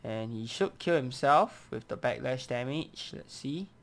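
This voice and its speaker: A man talks through his gameplay in a tired, laid-back way. His commentary is dry and a bit sarcastic, delivered at an average pitch. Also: expressive, a little slow. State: tired, yawning. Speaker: gameplay commentator reading dialogue.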